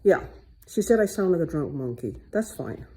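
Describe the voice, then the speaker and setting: A woman's voice: low-pitched, sing-song, normal speed, dark tone. A woman talking in a loose, rambling monologue, often repeating herself and restarting. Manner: repetitive, rambling, restarts a lot. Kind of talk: casual monologue to camera.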